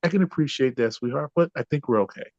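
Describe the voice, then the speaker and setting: A man voicing a gentle wife who stays calm and sweet and never raises her voice, on a dull, dry recording. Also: medium pitch, fast, dry recording, lightly acted. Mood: sweetly calm. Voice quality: soft, even-tempered.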